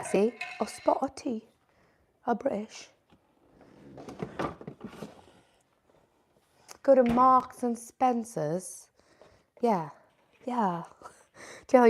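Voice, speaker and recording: A woman's voice: medium pitch, a little mellow. A woman hosting a casual livestream, chatting and answering viewer comments as they come in. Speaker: livestream host.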